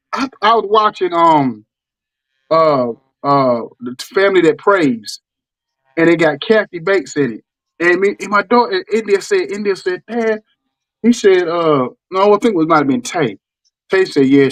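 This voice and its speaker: A middle-aged man with a Southern US drawl hosts a laid-back chat. His voice sits a little high and lands dry and close on the mic. He talks in animated bursts, doubling back and repeating words. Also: moderate pace, no room sound. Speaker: podcast host. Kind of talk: casual chat.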